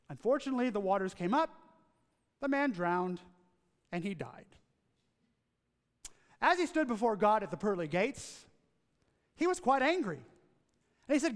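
A man's voice: very high-pitched, big pitch swings, moderate pace, long pauses, fairly bright tone, clean tone, big-room sound. A man preaching a sermon, telling a story and driving points home by repeating key phrases. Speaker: pastor.

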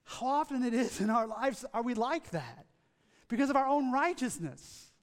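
A man preaching with a very high voice, telling a story and hammering his points through repetition. His words ring out with a long reverb, as in a large church. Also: expressive, normal speed. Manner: emphatic preaching, repeating key phrases. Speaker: pastor. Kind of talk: sermon.

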